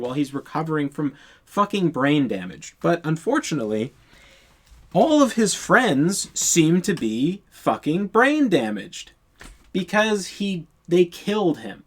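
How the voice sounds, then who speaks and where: A man telling a storytime tale in a casual monologue, exasperated and profane, rambling with many restarts. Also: on the high side.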